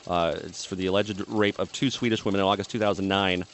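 Dry-humored man with a lowish voice. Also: steady tone, fast talker, fairly bright tone, slight background noise. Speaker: radio show co-host. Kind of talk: reading news items on radio.

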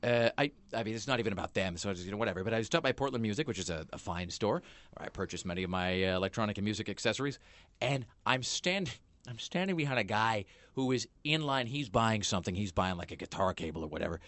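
Guy rambling through a story on his podcast, talks fast, dry close sound. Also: fairly low pitch, animated, fairly bright tone, no echo. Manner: rambling storyteller, many fillers and restarts. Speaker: podcast host. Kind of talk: casual chat. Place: small studio.

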